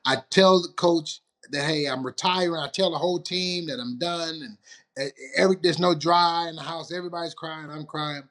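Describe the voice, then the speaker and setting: A man's voice: a little high, normal speed. A man from Detroit, a retired football player, telling stories as an interview guest, acting out the quoted lines and laughing often. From Detroit, USA. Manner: animated storyteller, acts out quotes, laughs often. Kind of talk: storytelling interview.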